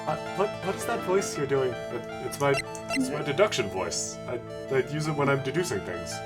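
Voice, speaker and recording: Streamer woman, relaxed quiet asides, deep lively voice. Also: a little fast, loud music behind the voice. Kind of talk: casual chat while playing.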